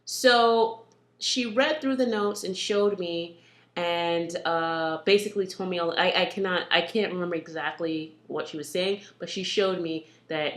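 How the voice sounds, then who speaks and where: A young woman candidly telling the story of her birth, animated and blunt, with many fillers. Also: fairly low pitch, normal speed, roomy sound. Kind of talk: emotional personal storytelling.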